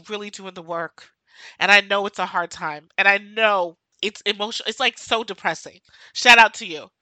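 On her own podcast, a woman speaks with emotion and emphasis, repeating key phrases again and again to make her case. The mid-range voice has a sharp tone, with no room sound but poor audio quality.

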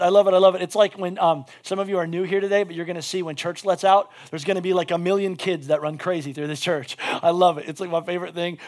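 A man preaching a sermon as pastor, animated and casual, swinging between loud bursts and hushed asides. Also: high-pitched. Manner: casual, with many "like" fillers.

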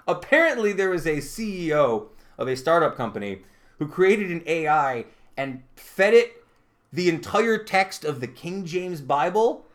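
Man, podcast host, casual chat, higher voice, lively swings in tone. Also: normal speed. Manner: animated, laughs often while reading news.

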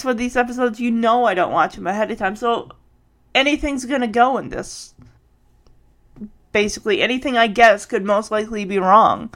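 A woman's voice: on the high side, fairly bright tone. A woman hosting a casual solo podcast, thinking aloud with many restarts and sounding tired. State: tired, yawning. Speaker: podcast host.

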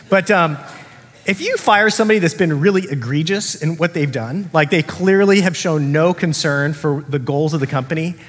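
A man's voice: fairly high pitch, fairly bright tone, slightly rough, big-room sound. A man preaching a sermon as the pastor, talking in a casual, conversational way and acting out the characters he quotes.

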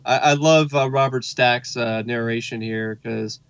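A man's voice: mid-range voice, fairly even intonation, a little slow, clean tone, dry recording. Man chatting on a dull lo-fi mic. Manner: hesitant, restarts, fillers. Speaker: podcast co-host. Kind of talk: casual chat recapping a TV episode.

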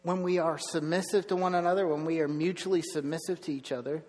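A man's voice: on the high side, fairly even intonation, fast talker, darkish tone, big-room sound. A man preaching a sermon as pastor, conversational, with frequent restarts and asides.

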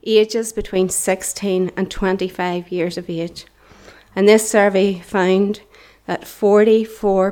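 A woman's voice: medium pitch, a little mellow. Woman, Northern Irish accent, middle-aged, church testimony, earnest preaching, drops into whispers. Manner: earnest and impassioned, dropping into whispers.

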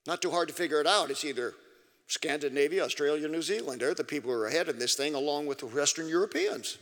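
A man preaching to an audience in an emphatic way, breaking into sudden loud, high outbursts. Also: quick pace. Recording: long reverb of a large hall.

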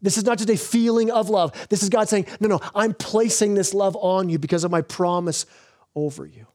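High-voiced man preaching a sermon. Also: darkish tone. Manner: earnest preaching with repeated restarts, slows for emphasis. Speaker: pastor.

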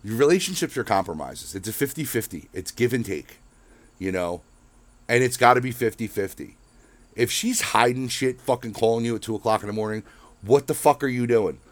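Man host, lowish voice, profane rambling rant, dry close sound. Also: dry recording. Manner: profane and rambling, full of swearing and fillers. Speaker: podcast host. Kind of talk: casual monologue rant.

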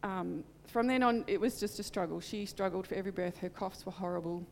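Middle-aged woman, gravelly, preaching. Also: medium pitch, brisk, long reverb tail, slight background noise. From Australia. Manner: earnest, heartfelt storytelling. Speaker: church speaker. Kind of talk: sermon with personal testimony.

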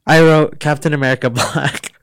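A man's voice: a little high, flat delivery, moderate pace, smooth, dry recording. A man in casual chat, giving short agreeing replies and explaining in a loose, hesitant way. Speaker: co-host.

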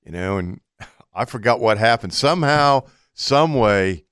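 A man's voice: fairly low pitch, animated, a little slow, fairly bright tone, clean tone, no room sound, studio quality. A man, co-hosting a radio show and telling a folksy story with laughs. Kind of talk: casual storytelling chat.

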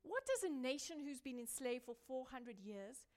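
Woman pastor, high voice, sermon, swings between forceful emphasis and hushed near-whisper, repetitive rhetorical build. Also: sing-song, normal speed.

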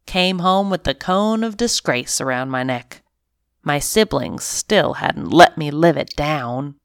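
A woman narrating a family pet storybook in an expressive, animated first-person reading. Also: low voice, slow, dry recording, clean studio sound. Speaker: story reader.

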